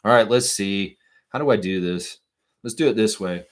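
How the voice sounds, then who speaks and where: A man's voice: on the low side, normal speed. A man hosting a casual live stream, chatting loosely and reading viewer comments aloud. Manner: chatty, reads chat aloud, sings snatches of songs.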